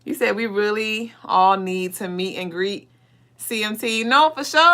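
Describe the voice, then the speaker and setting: A woman's voice: mid-range voice, measured pace, bright, forceful tone. A woman hosting a spiritual live stream, talking straight to her viewers in a laid-back way and leading a guided meditation.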